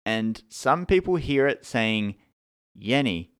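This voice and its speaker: A man with an Australian accent co-hosting a podcast, explaining things in a relaxed, casual way with frequent fillers. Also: medium pitch, slow pace, clear, resonant tone. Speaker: podcast co-host.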